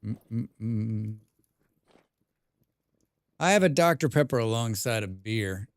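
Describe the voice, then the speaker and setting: A man's voice: lowish voice, lively intonation, slow pace, pauses often, clear, resonant tone, dry recording. A man live-streaming a survival game, reading viewer chat aloud and answering with dry, rambling jokes, humming and mumbling to himself in between.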